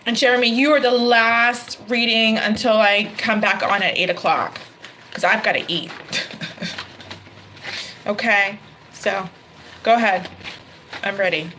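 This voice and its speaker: A woman's voice: medium pitch, steady tone, a little slow, long pauses, pushed and bright, a little hiss or hum, poor audio. Chatty woman reading tarot live. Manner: chatty, laughs often, addresses viewers by name. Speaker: tarot reader hosting a live stream.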